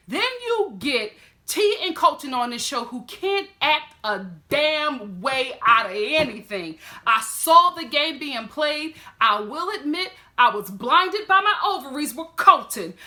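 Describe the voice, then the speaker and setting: A woman's voice: sits high, bright, forceful tone. A woman with a Southern US accent giving sassy, emphatic commentary as a vlogger reviewing a reality show. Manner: sassy, emphatic, talks straight to the camera and the show's people. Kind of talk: animated casual commentary.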